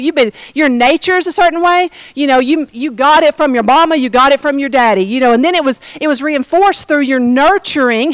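High voiced lady teaching bible study, casual and jokey, keeps cutting herself off, dry close sound. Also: a bit bright, dry recording, poor audio. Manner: chatty, self-interrupting, jokey asides.

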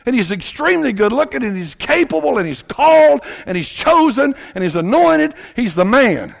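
A man from Tennessee, preaching a sermon in a folksy, animated storytelling way that swings up to shouting. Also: very high-pitched, moderate pace, gravelly.

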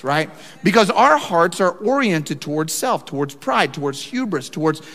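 A man preaches a sermon in a high, bright-toned voice that leaps up and down as he tells a story. His emphasis keeps building, and the long reverb of a big hall trails behind every phrase. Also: moderate pace, gravelly. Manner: animated storytelling with rising emphasis. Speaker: pastor.

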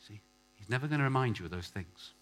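A male pastor preaching a sermon, swinging from quiet asides to loud, emphatic lines and calling out questions to the congregation. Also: on the low side, lively intonation, fast. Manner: calls out questions for the congregation to answer.

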